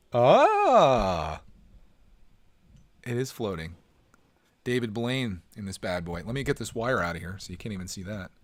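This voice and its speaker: A man's voice: medium pitch, no echo. A man hosting a casual live stream from home, joking around and chatting with his viewers.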